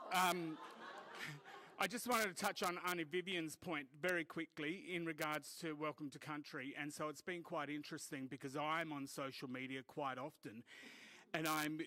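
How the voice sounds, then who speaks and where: A man's voice: a little high, pushed and bright. An Australian man from Port Augusta giving an earnest, joking community talk, with many fillers. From Port Augusta, South Australia. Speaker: community speaker. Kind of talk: informal public talk at a meeting. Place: community hall.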